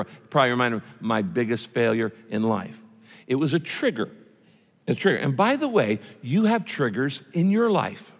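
A male pastor preaches with emphatic repetition, his voice rising and falling in a lively way. His voice is fairly high for a man. It rings with the long reverb of a large hall. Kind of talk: sermon.

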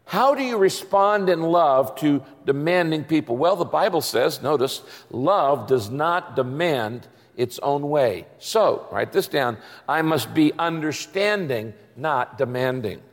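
A male pastor preaching a sermon to his congregation, lively and animated, fond of catchy rhymes and questions to the crowd. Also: on the high side, measured pace, few pauses, big-room sound. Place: large church hall.

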